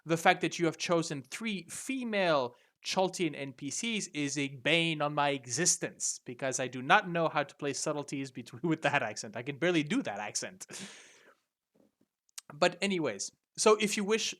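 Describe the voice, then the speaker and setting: A man's voice: a little high, moderate pace, a bit bright. Hesitant man running a tabletop game. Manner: hesitant, many fillers and restarts. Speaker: game master. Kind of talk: explaining tabletop game rules.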